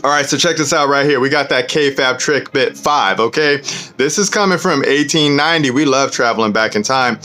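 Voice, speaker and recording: A man's voice: mid-range voice, normal speed, sharp tone, soft background music. A man hosting a casual show, reading a storybook aloud and breaking off for preachy asides, with "man" and "okay" in nearly every line. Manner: laid-back, peppers talk with "man" and "okay". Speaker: show host.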